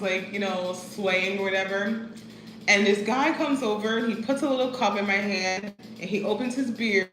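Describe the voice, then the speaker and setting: A woman's voice: mid-range voice, fairly bright tone, echoey room, low-quality recording. A woman vlogging in a casual, chatty way, full of "like" and "you know what I mean," talking about life as an expat. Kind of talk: casual chat. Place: living abroad as an expat.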